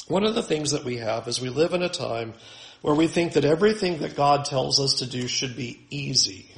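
Male pastor, higher register, emphatic preaching, roomy echo on the recording. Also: gravelly, fairly bright tone. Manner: emphatic, building lists with rising force. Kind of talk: sermon.

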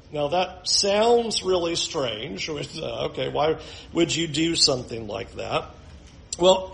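A male pastor preaching a conversational sermon, moving between hushed asides and emphatic points. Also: sits high, low-quality recording.

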